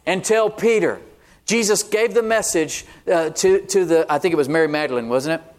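A man's voice: on the high side, animated, brisk. A man preaching a sermon as pastor, conversational and often asking the congregation "Amen?". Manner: call-and-response "Amen?" asides, conversational.

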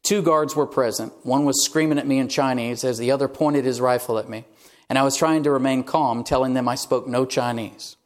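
A man's voice: medium pitch, steady tone, fairly quick. A male pastor delivering a sermon, telling a story in a conversational way and reading quoted passages aloud.

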